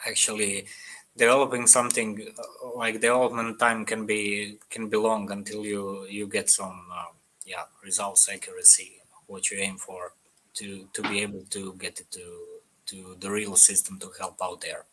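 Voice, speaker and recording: A man chats on an online panel in a slightly low voice, easygoing and prone to trailing off with a light laugh. He comes through a video call. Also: flat delivery, normal speed, sharp tone, a little hiss or hum, poor audio. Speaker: panel speaker.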